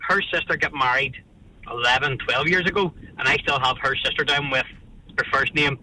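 Male caller, dry jokes, very bright tone, phoning from the car. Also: medium pitch, brisk, poor audio. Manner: dry, joking. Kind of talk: casual phone chat. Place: car, driving. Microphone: phone.

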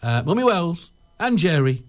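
Chatty high-voiced English radio man. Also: big pitch swings, moderate pace. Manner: jokey, rambling, stumbles and repeats words. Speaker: radio presenter. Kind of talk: chatty local radio banter.

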